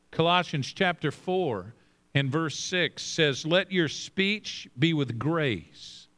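A middle-aged male pastor preaching with emphasis, slowing down and repeating phrases, dropping his voice low for scripture. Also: fairly bright tone. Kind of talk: sermon.

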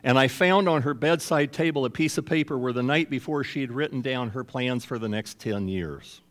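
A pastor in his sixties preaching a sermon. He talks conversationally and moves easily into acted-out exchanges. His voice sits at a medium pitch for a man. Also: normal speed, big-room sound. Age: 60s.

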